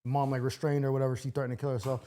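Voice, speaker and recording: A man's voice: mid-range voice, little pitch movement, rapid-fire, dark tone. A male comedian and show regular telling a story in casual podcast chat, acting out other people's lines.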